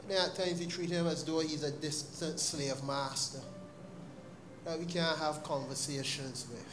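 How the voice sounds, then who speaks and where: A man with a Barbadian accent giving an earnest, animated personal testimony at a church service. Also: fairly high pitch, measured pace, background noise. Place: church sanctuary. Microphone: live-streamed service mic.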